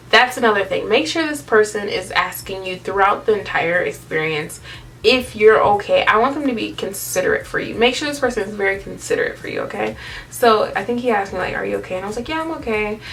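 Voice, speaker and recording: A woman's voice: mid-range voice, fairly bright tone, distant mic. A young woman telling a candid storytime on her vlog, chatty and dramatic, full of slang and laughing often. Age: young adult. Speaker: vlogger.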